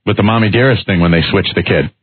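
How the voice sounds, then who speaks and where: A man's voice: fairly low pitch, fast talker, husky, dry recording. A man hosting a radio show in casual talk, making wry, dry asides, heard through phone-like broadcast audio. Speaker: radio host.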